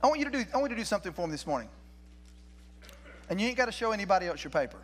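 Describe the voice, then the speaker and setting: Older man, pastor's sermon, high voice, folksy talk with restarts. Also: sing-song, racing. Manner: folksy, conversational preaching with many restarts and questions to the congregation. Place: church sanctuary.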